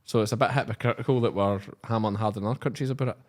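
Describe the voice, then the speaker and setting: A man hosting a casual farming podcast chat, teasing and pushing his guests with quick questions. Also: on the low side. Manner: animated, teasing, leading the talk with quick questions. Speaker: podcast host.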